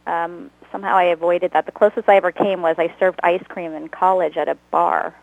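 A woman's voice: fairly low pitch, flat delivery, a little fast, creaky, no echo, narrow, tinny audio. Chatty woman actor, dry close sound. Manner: chatty, laughs often, self-deprecating. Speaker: guest, comedy actor. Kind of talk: casual interview chat. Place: Los Angeles.

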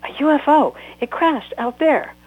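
A woman reading a book aloud, voicing an eager ten-year-old girl who shouts her lines. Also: medium pitch, sing-song, moderate pace, narrow, tinny audio, voice pushed up. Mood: excited.

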